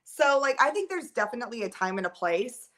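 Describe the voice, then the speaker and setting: A woman's voice: on the high side, very animated, fairly quick, fairly bright tone. A woman chatting casually at home with viewers of her live stream, rambling and using many filler words, recorded by a camera on a holder. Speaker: livestream host.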